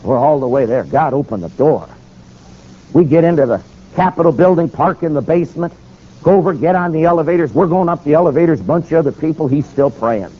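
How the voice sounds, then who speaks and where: Animated man telling a sermon story. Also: a little high, a little fast, dull audio. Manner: animated, acting out dialogue. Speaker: preacher and attorney.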